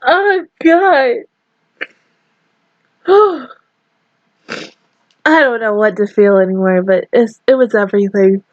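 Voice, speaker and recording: A woman's voice: a little high, slow, pauses often, dry recording, dull audio. A woman reacting to an anime episode on her channel, crying and swearing as she gushes about how happy she is. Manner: tearful, swearing, gushing. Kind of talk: emotional reaction commentary.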